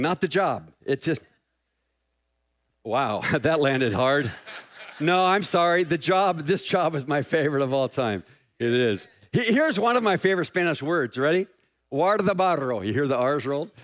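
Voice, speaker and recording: Joking, animated middle-aged male pastor. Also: on the high side. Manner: jokey, self-deprecating, animated. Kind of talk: sermon.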